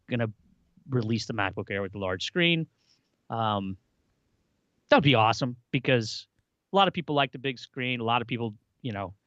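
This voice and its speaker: A man co-hosting a casual podcast, easygoing and a little rambling, padding his points with fillers. His voice is mid-pitched. The recording is dry and slightly muffled. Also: fairly bright tone, dry recording. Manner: easygoing, reads out rumor roundups with many fillers. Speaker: podcast co-host. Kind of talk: casual chat.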